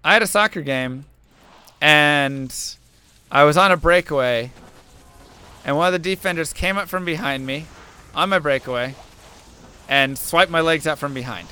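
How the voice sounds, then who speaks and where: Bright, clear-voiced young male streamer. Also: a little high, moderate pace. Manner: earnest storytelling, musing aloud between game remarks. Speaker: game streamer. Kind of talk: casual chat while playing.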